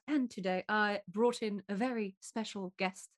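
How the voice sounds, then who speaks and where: A woman's voice: mid-range voice, normal speed, faint music behind. A woman hosting a podcast, upbeat and playful in casual interview chat. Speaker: podcast host.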